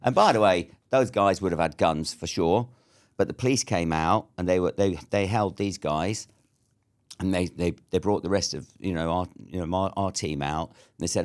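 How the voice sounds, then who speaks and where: A man's voice: deep voice, moderate pace. A British man in his fifties telling a war story as an interview guest, blunt and swearing freely. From Britain.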